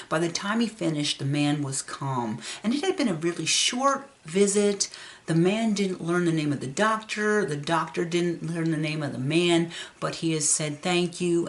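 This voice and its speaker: Low-voiced woman telling a story. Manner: conversational, expressive retelling. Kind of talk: storytelling narration.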